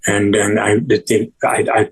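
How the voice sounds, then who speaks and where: Older english guy rambling thru an old story, low husky voice, keeps restarting. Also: completely flat delivery, takes it slowly, low-quality recording. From England. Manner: rambling, with many restarts and acted-out quotes. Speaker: guest musician. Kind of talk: casual storytelling interview.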